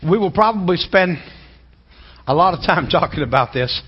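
Male pastor mid-sermon, animated and emphatic, husky high voice on a dull, lo-fi recording. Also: moderate pace. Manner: animated preaching, rising to loud emphatic peaks.

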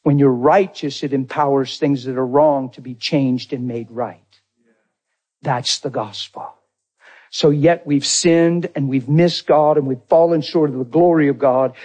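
A man preaching a sermon in a dramatic way, jumping from loud exclamations to hushed low lines. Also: fairly even intonation, measured pace.

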